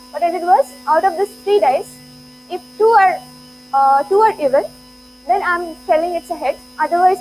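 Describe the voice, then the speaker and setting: In a lecture hall, a woman with an extremely high-pitched voice gives an interactive, playful classroom lecture, laughing often and urging her students on. The recording quality is low.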